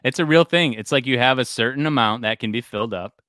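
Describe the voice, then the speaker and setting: Bright, clear-voiced man telling stories. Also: mid-range voice, fast talker, dry recording, studio quality. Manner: laughs often, tells stories animatedly. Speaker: podcast co-host. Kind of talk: casual chat.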